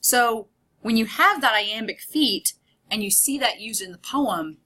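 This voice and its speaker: A woman's voice: on the high side, lively intonation, measured pace, pushed and bright, husky. A woman college English instructor giving a recorded online lecture in a conversational way, explaining with examples and asides.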